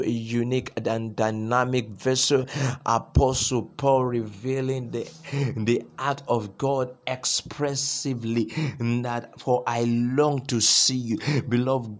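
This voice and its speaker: Fervent preacher with a gravelly voice. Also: male voice, medium pitch. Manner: fervent, repetitive preaching, rising emphatically. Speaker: pastor. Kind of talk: sermon with opening prayer.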